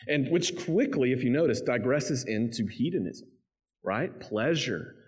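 Male pastor, mid-pitched, casual and emphatic sermon delivery, reads a passage then unpacks it. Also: expressive, measured pace, darkish tone, slightly rough. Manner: conversational, emphatic, reads scripture then explains it.

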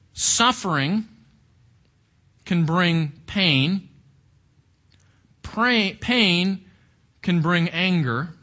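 A man with a high-pitched voice teaches through a Bible book. His delivery is animated and full of questions put to the listeners. He moves between reading passages aloud and explaining them. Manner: animated, asks the audience questions.

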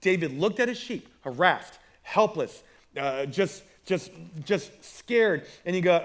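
A man's voice: sits high, lively intonation, takes it slowly. A man preaching a sermon in a conversational way, often repeating words as he builds a point. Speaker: pastor.

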